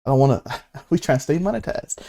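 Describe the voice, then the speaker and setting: Excitable man laughing through podcast chat. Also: fast, vocal fry. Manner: excitable, laughs often, swings from high to low. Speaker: podcast co-host. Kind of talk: casual chat.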